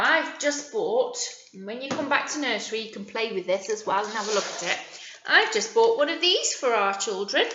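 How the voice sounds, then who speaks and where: A woman, a nursery teacher leading a playful, animated video lesson for small children. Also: sits high. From England. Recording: echoey, slightly muffled room recording.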